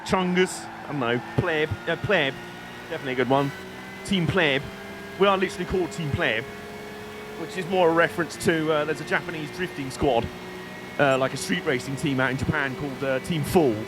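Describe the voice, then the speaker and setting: A man's voice: fairly high pitch, brisk, background noise. A British man streaming a racing game, chatting casually and joking with his viewers while he drives. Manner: chatty, joking, reads chat aloud. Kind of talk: casual live-stream commentary.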